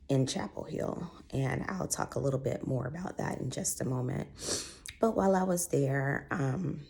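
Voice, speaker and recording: A woman speaks low and gravelly, her voice going in and out now and then. She tells a personal story in a heartfelt, chatty way, with a dark, mellow tone. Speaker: vlogger. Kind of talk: personal health vlog.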